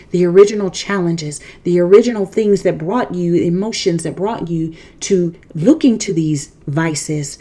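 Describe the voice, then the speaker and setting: A woman's voice: on the low side, mellow. A woman hosting an inspirational faith podcast, speaking earnestly and emphatically straight to her listeners, repeating and rephrasing her points. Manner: speaks directly to listeners, encouraging. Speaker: podcast host.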